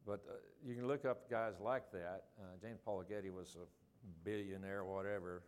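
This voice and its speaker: Older male study leader, low voice, chatty and halting, reads quotes slowly. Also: steady tone, a little hiss or hum. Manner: rambling, many ums and restarts, reads quotes slowly. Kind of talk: informal group Bible study.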